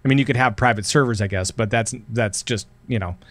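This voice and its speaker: A man's voice: medium pitch, a little fast, no echo. Rambling man hosting a gaming podcast. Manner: rambling, many restarts and fillers, animated when excited. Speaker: podcast host. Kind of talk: casual podcast chat.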